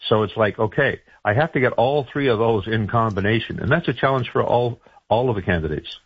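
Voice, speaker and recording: A man's voice: on the low side, brisk, breathy edge, dry recording, highs cut off. A man giving political advice in a radio interview, talking loosely with many fillers and restarts. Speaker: political strategist guest.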